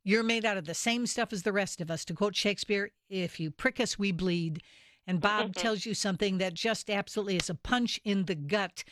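A woman hosting a radio talk show, interviewing a guest in a measured, articulate way. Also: medium pitch, a bit bright, no room sound. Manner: measured, articulate, quotes literature. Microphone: studio microphone.

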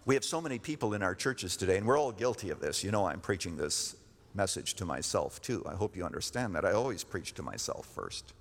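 A man preaching a sermon as pastor, emphatic, repeating his key phrases and rising in pitch to stress a point. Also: sing-song, brisk, vocal fry. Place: church sanctuary. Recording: long reverb of a church hall.

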